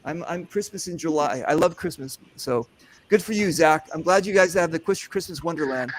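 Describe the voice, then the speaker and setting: A man's voice: on the high side, brisk, slight background noise. A man hosting a casual live chat, telling long rambling stories with plenty of profanity. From California. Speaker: host.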